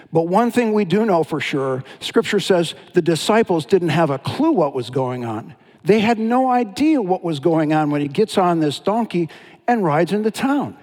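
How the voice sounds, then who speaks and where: A pastor preaching a sermon, telling Bible stories in an animated, dramatic way. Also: male voice, sits high. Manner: storytelling, animated with dramatic retellings. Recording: long hall reverb.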